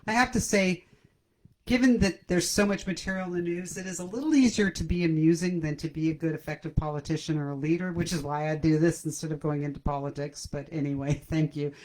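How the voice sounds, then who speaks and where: A woman's voice: on the low side, low-quality recording. Chatty woman hosting a comedy livestream. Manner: chatty, self-deprecating, laughs at her own jokes. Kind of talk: casual chat to a livestream audience. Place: at home. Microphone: computer camera mic.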